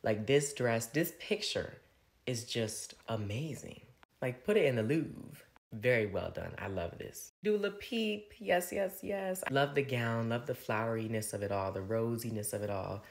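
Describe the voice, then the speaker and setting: A man's voice: fairly low pitch, moderate pace, creaky, a little hiss or hum. Gushing young man reviewing red carpet fashion. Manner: gushing, chatty, heavy use of "like". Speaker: fashion commentator. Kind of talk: casual red carpet recap commentary.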